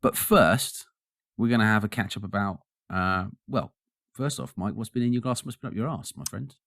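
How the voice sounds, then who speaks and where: A man with a husky, very low voice, his throat still rough from the flu. He co-hosts a podcast with a laid-back, joking ease, recorded close and dry with no room sound. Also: normal speed, fairly bright tone, no room sound. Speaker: podcast co-host. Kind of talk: casual chat.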